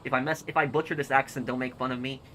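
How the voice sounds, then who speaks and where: A man streaming and reading comments aloud in casual chat, halting and repeating words as he goes. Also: medium pitch, fairly even intonation, bright, forceful tone, slight background noise, rough recording.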